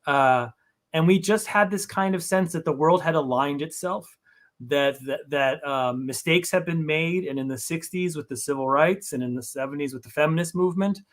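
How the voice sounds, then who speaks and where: A man speaking as a podcast guest, thoughtful and halting, with many restarts. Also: a little high. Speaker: podcast guest, comic book writer. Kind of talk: casual interview talk.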